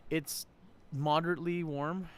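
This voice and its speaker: A man's voice: on the high side, flat delivery, a little slow, a little hiss or hum. A man hosting a podcast, talking casually and rambling at an outdoor shopping center, laughing often. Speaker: podcast host. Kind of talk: casual vlog monologue. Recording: faint crowd ambience outdoors.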